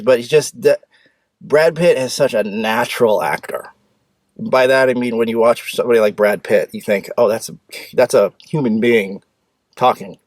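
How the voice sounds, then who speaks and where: A man's voice: mid-range voice, no echo. Blunt rambling male film reviewer. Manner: blunt, rambling, frequent restarts and sudden speedups. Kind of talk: casual opinionated movie review.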